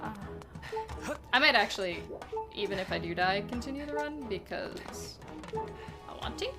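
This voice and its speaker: Slow-talking chatty woman streamer. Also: mid-range voice, lively intonation. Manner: chatty and rambling, laughs often. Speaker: speedrunner streaming a game. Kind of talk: casual chat while playing. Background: game music.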